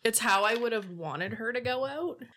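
A woman's voice: fairly high pitch, lively intonation, moderate pace, sharp tone. A young woman co-hosting a podcast in casual chat, giggly and gushing, leaning on "like" a lot. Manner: giggly, gushing, heavy use of "like". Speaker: podcast co-host.

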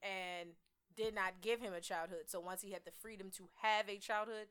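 A woman's voice: mid-range voice, fairly even intonation, moderate pace, a bit bright, clean tone. A woman co-hosting a casual group chat, speaking emphatically and talking over the others. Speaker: podcast co-host.

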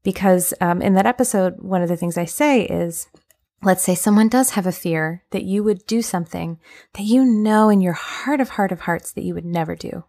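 A woman hosting a podcast, talking through relationship advice in a gentle, earnest way with plenty of ums and uhs. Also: on the low side, moderate pace. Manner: gentle, earnest, filler-heavy explanation. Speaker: podcast host. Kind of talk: casual advice podcast monologue.

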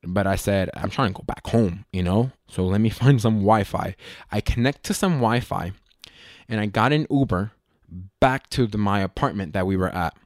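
A man with a fairly low voice tells a comic story in a loose, animated way. He mocks himself, swears freely and keeps restarting his sentences. The sound is dry, with no room echo. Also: normal speed. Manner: animated, profane, self-mocking, frequent restarts.

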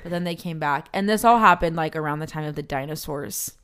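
Smooth-voiced giggly woman, low pitch. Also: brisk, a bit bright. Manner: giggly, rambling, playful. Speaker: podcast co-host. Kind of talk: casual chat, improvising a made-up history story.

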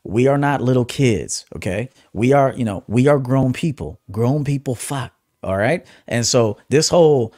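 A man hosting a livestream as a dating coach, talking bluntly, swinging from low muttered asides to loud emphatic bursts. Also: lively intonation, normal speed, no echo, studio quality. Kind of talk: casual livestream monologue.

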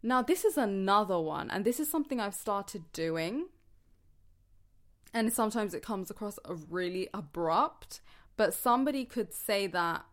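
A woman's voice: mid-range voice, lively intonation, moderate pace, fairly bright tone. A woman talking earnestly and casually to her viewers about mindset, laughing often and correcting herself as she goes. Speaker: self-help vlogger. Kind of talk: casual motivational talk to viewers.

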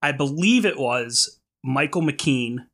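Bright, laughing man telling a story. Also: medium pitch, slow. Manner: animated storyteller, laughs easily. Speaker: podcast co-host. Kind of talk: casual movie chat.

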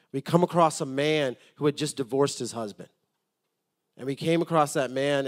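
A man with a medium-pitched voice preaches to his congregation, shifting between loud appeals and soft, hushed storytelling. He tends to repeat words as he begins a thought.

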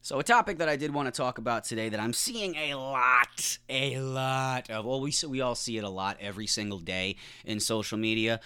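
A man's voice: mid-range voice, fairly quick, few pauses, pushed and bright, a little hiss or hum. A man hosting a podcast, ranting casually with sarcastic, profane humor. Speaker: podcast host. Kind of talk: casual comedic rant.

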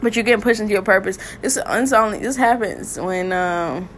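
A woman's voice: mid-range voice, a little fast, a little hiss or hum. A woman hosting a podcast, preaching and praying fervently, repeating phrases with emotion. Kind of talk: impassioned spoken sermon and prayer.

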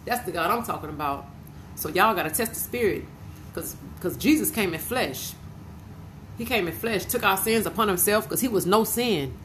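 A woman's voice: mid-range voice, lively intonation, moderate pace, fairly bright tone, a little hiss or hum, rough recording. A woman preaching an informal podcast sermon, fervent and emotional, repeating her praise.

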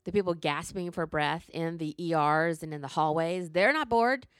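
Profane ranting woman, low voice. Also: moderate pace, dry recording, clean studio sound. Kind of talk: ranting casual chat.

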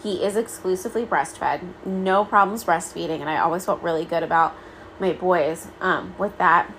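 A woman's voice: lowish voice, moderate pace, a bit bright, slight background noise, poor audio. A woman in her thirties hosting a solo podcast, talking candidly and casually with many "like" fillers. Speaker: podcast host.

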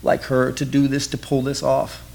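A man's voice: mid-range voice, completely flat delivery, normal speed, vocal fry, a little mellow, a little hiss or hum. A man preaching a sermon as vivid present-tense stories, repeating key lines. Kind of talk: dramatic storytelling sermon.

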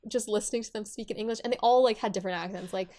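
A woman's voice: medium pitch, very fast, mellow. A young woman co-hosting a casual podcast talks through a book and its series. Her speech is loose and chatty, full of "like" and half-started sentences. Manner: chatty, many fillers and restarts. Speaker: podcast co-host.

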